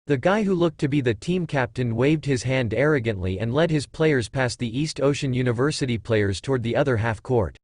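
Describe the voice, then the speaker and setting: Male narrator for a light novel audiobook: synthetic, even and steady, mid pitch, dry. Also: normal speed, no room sound.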